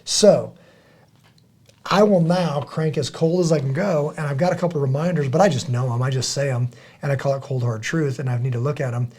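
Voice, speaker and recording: A middle-aged podcast host tells stories in casual, earnest talk, animatedly acting out the quotes. His mid-range voice is slightly rough and a little fast.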